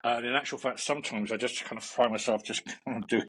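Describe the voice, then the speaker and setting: Husky man chatting loosely. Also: medium pitch, fairly even intonation, fast, a bit bright, rough recording. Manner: rambling, many fillers and restarts, laughs a lot. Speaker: meditation teacher, guest. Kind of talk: casual interview chat.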